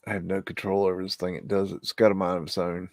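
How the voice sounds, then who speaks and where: A man's voice: sits low, little pitch movement, fast talker, a little mellow, dry recording. Rambling man muttering over photos, dry sound. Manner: rambling, hesitant, easily spooked; swearing, muttered exclamations. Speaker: livestream host. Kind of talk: live commentary on archive photos.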